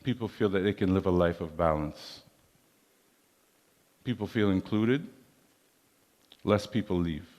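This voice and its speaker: A man giving a motivational leadership talk in a large hall, measured and preacherly, with proverbs. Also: low-pitched, darkish tone. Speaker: keynote speaker. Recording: long hall reverb.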